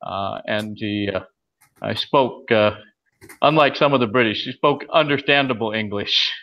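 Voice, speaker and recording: A man's voice: lowish voice, moderate pace. Lo-fi recorded man telling stories. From California. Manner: hesitant, many uh fillers and restarts. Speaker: guest. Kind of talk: casual conversational storytelling. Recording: dull lo-fi audio.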